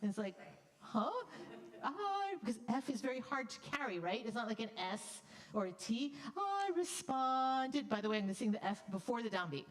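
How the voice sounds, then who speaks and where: High-voiced brisk woman choir director. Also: very animated, low-quality recording. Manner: brisk and upbeat, breaks into sung demonstrations. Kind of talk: choir rehearsal coaching. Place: rehearsal room with a choir.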